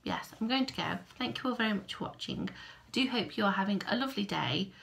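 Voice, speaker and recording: A woman's voice: medium pitch, expressive, brisk, creaky, very noisy. A woman talking casually to camera at home for her vlog, rambling and self-deprecating. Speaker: crochet vlogger. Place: at home by a window.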